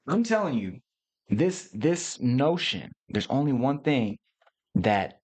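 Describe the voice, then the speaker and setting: A middle-aged man hosts a casual livestream and speaks straight to his viewers. He talks in a loose, playful, slangy way, and his voice sits at an ordinary middle pitch. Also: sing-song, slow, darkish tone, slightly rough. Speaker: host.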